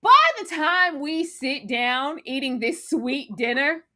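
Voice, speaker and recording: A woman's voice: high-pitched, slow, sharp tone. A woman hosting a live casual show recap, giving sassy, giggly commentary. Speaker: host.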